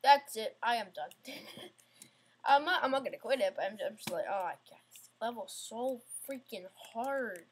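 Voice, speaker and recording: Woman, husky voice, a bit high, casual gameplay commentary, frustrated, self-mocking. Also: animated, normal speed. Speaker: gamer playing an obstacle course game.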